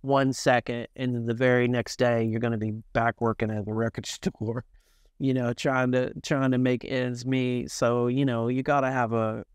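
A middle-aged man from Memphis, telling lively, self-mocking and profane stories as a guest musician in an interview. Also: mid-range voice, normal speed, clean tone, dry recording. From Memphis, Tennessee, US. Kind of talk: candid storytelling in an interview.

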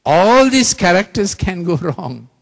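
A man's voice: high voice, sing-song, a little slow, vocal fry. A man preaching a sermon, repeating phrases emphatically and leading the congregation in call-and-response.

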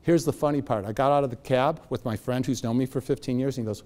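At an event hall, a middle-aged man with a medium-pitched voice talks fast through a motivational speech. He's an animated storyteller who impersonates the people in his tales.

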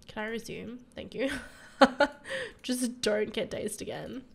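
A woman's voice: a little high, slow pace, gravelly, breathy edge. A young woman doing casual, laughing gameplay commentary with dramatic exasperated outbursts. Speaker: gaming youtuber.

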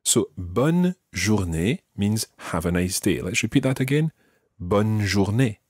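A man's voice: on the low side, lively intonation, unhurried, a little mellow, dry recording, clean studio sound. A man teaching beginners in a podcast lesson, patiently explaining each phrase step by step and modelling its pronunciation. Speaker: language teacher.

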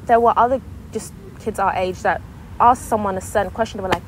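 A young woman co-hosting a podcast in casual chat, animated and acting out the voices she quotes. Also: mid-range voice, fast talker, slight background noise. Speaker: podcast co-host.

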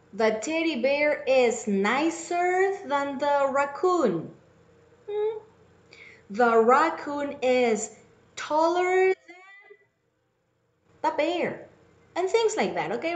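A woman teacher giving a recorded English lesson for children, speaking slowly and clearly and repeating each word for her pupils. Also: sits high. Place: at home. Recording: echoey room.

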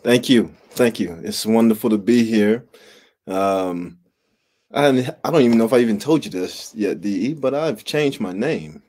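A man speaking as a talk show guest, calm and sincere in a casual chat. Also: fairly low pitch, moderate pace.

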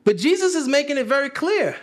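Lively conversational preacher man. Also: extremely high pitch, fast. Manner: conversational, asks the congregation questions; repeats phrases for emphasis. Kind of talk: sermon. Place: church.

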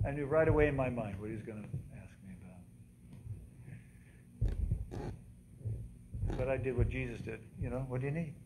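A man's voice: mid-range voice, measured pace, long pauses, background noise. A pastor preaching a sermon in a church, quizzing his congregation and dramatically repeating the cries of the scripture story. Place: church sanctuary.

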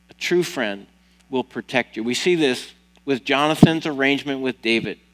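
A man's voice: mid-range voice, fairly bright tone, low-quality recording. A male pastor preaching a sermon, retelling a story with casual asides to the congregation. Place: church.

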